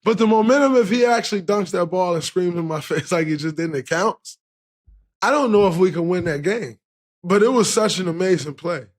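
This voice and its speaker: A podcast host in his thirties tells a story in a casual, animated way, laughing a lot and swearing freely. His voice sits high and moves a little fast.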